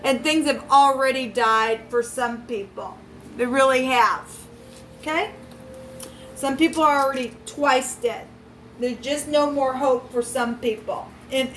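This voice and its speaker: A woman's voice: sits high, slight background noise, rough recording. A woman giving a tarot reading, urging her viewers with emphatic, repeated exhortations and religious warnings. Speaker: tarot reader.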